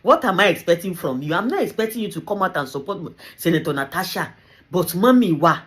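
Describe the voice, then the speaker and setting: A woman with a Nigerian accent giving animated, teasing commentary as a vlogger, dropping in Yoruba phrases and laughing often. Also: medium pitch, quick pace. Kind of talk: casual commentary to camera.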